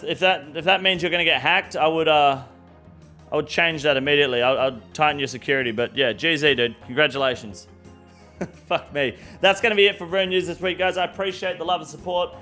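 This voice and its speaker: A man's voice: a little high, a little fast, sharp tone, faint music behind. A man hosting a weekly gaming news show, ranting bluntly and crudely with plenty of swearing. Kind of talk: casual gaming news rant.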